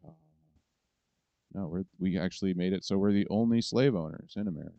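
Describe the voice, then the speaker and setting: A man's voice: low-pitched, fairly quick, creaky, pauses often, mellow, no room sound. A man in a rambling, profane political monologue, ranting to his viewers. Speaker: vlogger. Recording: dull lo-fi recording, dry.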